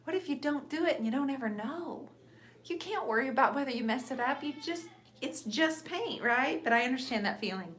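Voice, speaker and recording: Woman host, middle-aged, upbeat encouraging chat to viewers, a bit high, roomy echo. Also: lively intonation, brisk. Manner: warm, encouraging, calls viewers sister and honey. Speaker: painting show host. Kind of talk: live painting stream chat. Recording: echoey room with faint noise.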